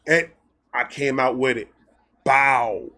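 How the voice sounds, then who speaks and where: Man, high voice, bright, excitable, profane, casual storytelling vlog. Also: moderate pace. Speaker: storyteller host.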